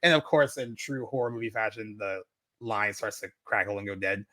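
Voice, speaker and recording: A man's voice: lowish voice, a little fast, pushed and bright, no room sound. A man casually talking through a horror film on a podcast, rambling with lots of filler words as he retells scenes. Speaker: podcast co-host.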